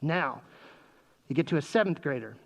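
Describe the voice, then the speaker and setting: A man's voice: a little high, lively intonation, normal speed, vocal fry, poor audio. A man giving a humorous talk to parents, speaking through a face mask and often quizzing the audience with questions. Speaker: presenter speaking to parents, former sixth grade teacher.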